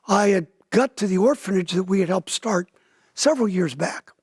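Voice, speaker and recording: A pastor in his seventies gives an interview, his high voice carrying a breathy edge at a moderate pace in a clean studio recording with no room sound. He tells a dramatic story vividly, raising his voice to act out what others said.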